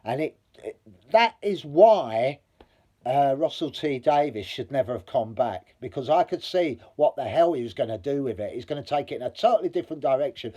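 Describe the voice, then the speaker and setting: A man talks straight to camera in a blunt, rambling monologue, swearing freely and building heat as he argues. His voice sits at an ordinary middle pitch and has a dark, mellow tone. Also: animated, moderate pace. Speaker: vlogger. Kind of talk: opinionated review monologue.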